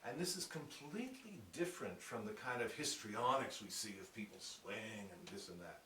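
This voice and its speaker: A man's voice: lowish voice, animated, normal speed, a bit bright, a little hiss or hum. A man teaching piano technique in a lecture, speaking thoughtfully and acting out short quotes to make his points. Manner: thoughtful, demonstrates with acted-out quotes. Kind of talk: lecture presentation. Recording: roomy sound from a distance with piano.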